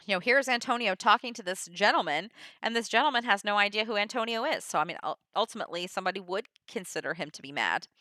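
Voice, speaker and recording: A woman walks through a play's plot in a loose, chatty way, leaning on "like" and "you know". Her voice is bright and forward, and the sound is dry and close. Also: mid-range voice, animated, quick pace, few pauses, no room sound. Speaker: teacher summarizing a play. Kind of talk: casual retelling of a play with readings.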